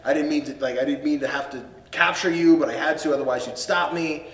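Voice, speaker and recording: A man's voice: on the high side, quick pace, fairly bright tone, reverberant. A man voicing a dying male knight saying goodbye to his partner, paraphrased in an offhand, casual way. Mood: tender.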